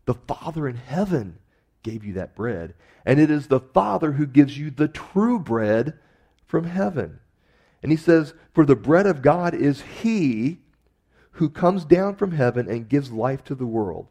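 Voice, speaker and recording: A man's voice: fairly high pitch, very animated, measured pace, warm tone. A man preaching a sermon in a conversational way, with emphatic rises on key phrases. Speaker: pastor.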